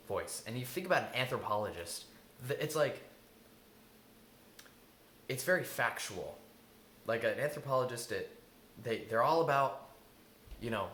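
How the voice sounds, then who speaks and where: A man's voice: mid-range voice, a bit bright, echoey room, a little hiss or hum. A man giving an earnest self-help talk as an intuitive eating coach, repeating key lines for emphasis.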